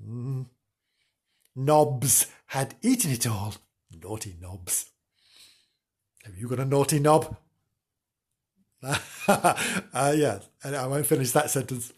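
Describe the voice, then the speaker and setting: A man's voice: medium pitch, slow pace, pauses often, slightly rough. A man reading a children's story aloud, with playful, chatty asides to the children.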